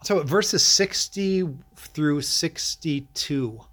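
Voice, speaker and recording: Middle-aged guy preaching in english, kinda high voice, fires questions at the crowd. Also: extremely slow. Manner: animated preaching with rhetorical questions. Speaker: pastor. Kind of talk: sermon.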